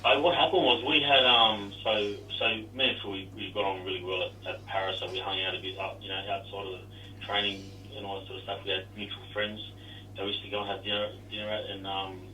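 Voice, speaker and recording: A man's voice: on the low side, level tone, fast talker, sharp tone, reverberant, recorded from a distance, slight background noise, low-quality recording. A man, a former rugby league player, chatting casually with rambling restarts and self-deprecating humor. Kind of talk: casual interview chat.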